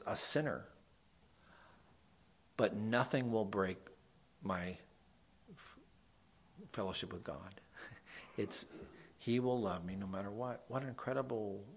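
A man preaching a sermon, reading scripture loudly and with force, then dropping to quiet, folksy asides and stories. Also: lowish voice. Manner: rises to loud emphatic scripture reading, drops to quiet asides; folksy storytelling.

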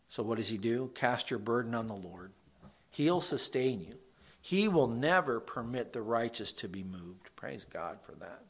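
A male preacher delivering a sermon in a mid-pitched voice. He swings between loud, emphatic passages of scripture and quieter, homely asides. His storytelling is plain and folksy. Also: lively intonation, a little slow, husky.

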